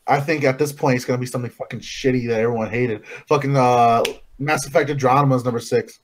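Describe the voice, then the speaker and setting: A man's voice: mid-range voice, steady tone, fast, slight background noise. A man co-hosting a casual video game chat, blunt and teasing, swearing as he mocks the others' picks.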